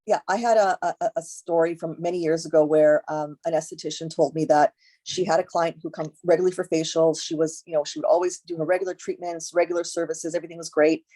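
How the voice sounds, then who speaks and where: A woman's voice: low voice, steady tone, quick pace, warm tone. A woman esthetician being interviewed, talking emphatically, repeating key words and acting out exchanges with clients. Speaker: guest esthetician. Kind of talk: conversational interview.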